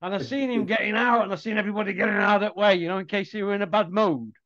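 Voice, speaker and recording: A man's voice: high voice, fairly even intonation, rapid-fire, fairly bright tone. A man hosting casual banter, chatty and teasing. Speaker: host. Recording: dull lo-fi sound.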